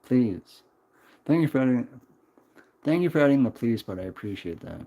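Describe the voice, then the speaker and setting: A man's voice: medium pitch, lively intonation, normal speed, dark tone. A man in his twenties chatting on a casual livestream, rambling, swearing and answering chat. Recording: dull lo-fi stream audio.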